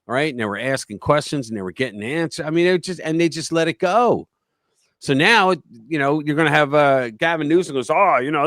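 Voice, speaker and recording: A male livestream host reading and reacting to news stories with a mocking, animated delivery. His pitch sits somewhat high and swings widely, and the sound is dry and close. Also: dry recording. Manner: animated, mocking, tells anecdotes. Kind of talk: opinionated news commentary.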